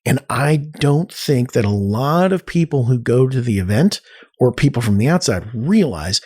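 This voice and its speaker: A man speaking as a podcast guest, telling stories casually in an animated way, with frequent restarts and acted-out quotes. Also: mid-range voice, moderate pace, breathy edge. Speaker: podcast guest, arts nonprofit cofounder. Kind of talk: casual conversational storytelling.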